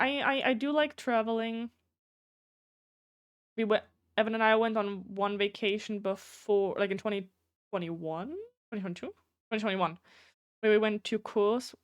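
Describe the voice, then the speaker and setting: A young woman streaming live, chatting casually with viewers, rambling, swearing freely and greeting people in chat by name. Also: a little high.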